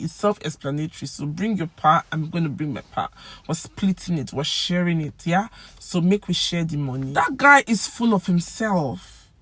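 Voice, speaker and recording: A woman with a Nigerian accent giving a casual language lesson, acting out example phrases with lively swings in pitch and loudness. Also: moderate pace, dry recording. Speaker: language teacher.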